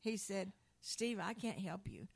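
Informal preacher, gravelly voice, earnest, repeats words, dry close sound. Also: medium pitch, animated, unhurried, no echo. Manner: earnest, repeats and restarts words, quotes scripture.

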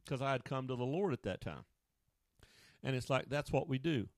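A man's voice: mid-range voice, lively intonation, normal speed, no echo. A male pastor preaching a down-home radio sermon, telling stories in casual, colloquial speech. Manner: down-home storytelling, colloquial grammar.

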